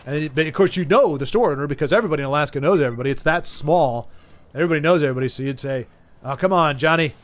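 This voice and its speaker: A man's voice: on the high side, rapid-fire. A man chatting casually with viewers while streaming a game, rambling and stumbling over his words. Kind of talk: casual live-stream chat while gaming.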